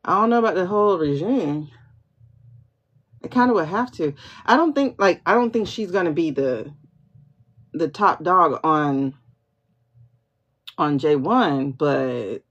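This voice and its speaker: A woman hosting a livestream pendulum reading, excitable, repeating herself as she questions her spirit guide and talks to viewers. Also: low-pitched, a little slow, long pauses. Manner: excitable, keeps repeating "hold on" while asking questions. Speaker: tarot reader host. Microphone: phone or computer mic for livestream. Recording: dull lo-fi livestream audio.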